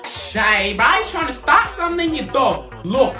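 A man's voice: very high voice, big pitch swings, unhurried, roomy sound, over music. A young man with an Australian accent, playing a taunting, slangy tough in a comedy sketch.

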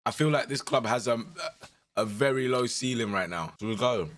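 A young man with a strained voice, giving animated, slangy commentary while playing a management game. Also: mid-range voice, normal speed. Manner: animated, exclaiming, slangy banter. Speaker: gaming content creator. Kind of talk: casual gameplay commentary.

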